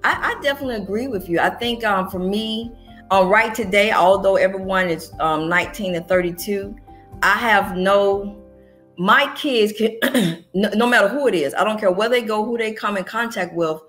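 A woman's voice: mid-range voice, normal speed, fairly bright tone, soft background music. A middle-aged woman, a pastor and interview guest, telling her story earnestly in conversation, often restarting her sentences.

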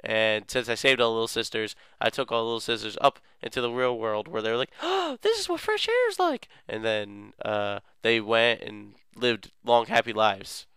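A man's voice: lowish voice, flat delivery, normal speed, few pauses, a bit bright, clean tone, no room sound, studio quality. Goofy rambling young man recapping a game. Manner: rambling, goofy, lots of filler words. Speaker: let's play host.

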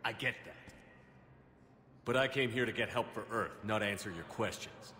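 A man's voice: on the low side, moderate pace, pushed and bright, slight background noise. A man voicing a hardened male military commander in a video game, speaking curt and dismissive. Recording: echoey game audio with long reverb.

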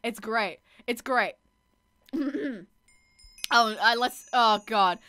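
A young woman streaming a video game, excitable and chatty, laughing and swearing often. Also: a little high, very slow. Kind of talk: casual gaming stream.

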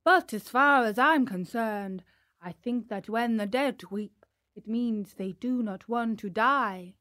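A woman's voice: on the high side, fairly bright tone, no room sound, clean studio sound. A woman doing a pedantic owl doctor. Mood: formal. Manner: measured, formal contradiction.

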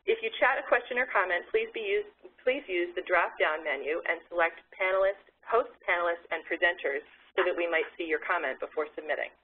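A woman hosting a webinar, giving measured instructions with a few slips before introducing the speaker. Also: on the low side, slight background noise. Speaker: webinar host. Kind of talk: reading housekeeping instructions. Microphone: video call. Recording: tinny phone-like line.

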